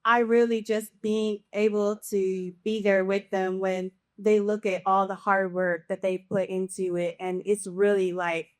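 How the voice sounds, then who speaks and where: A woman guest speaks slowly and earnestly in a relaxed podcast chat, pausing on fillers as she reflects. Her voice sits at an ordinary pitch. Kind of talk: casual podcast conversation.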